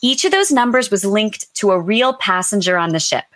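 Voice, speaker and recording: A woman's voice: medium pitch, lively intonation, normal speed, fairly bright tone, no room sound. A woman hosting a livestreamed book club chat in a chatty, joking way, heard over a video call. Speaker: host.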